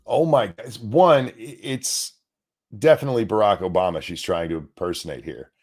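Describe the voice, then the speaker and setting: A man hosting a show, giving sarcastic, mocking commentary over news clips, his voice swinging between loud and soft. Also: on the low side, moderate pace. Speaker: show host.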